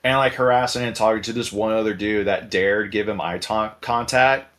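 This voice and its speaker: A man telling a story in casual podcast chat, animated and profane, acting out the people he quotes. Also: fairly low pitch, moderate pace. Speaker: podcast host.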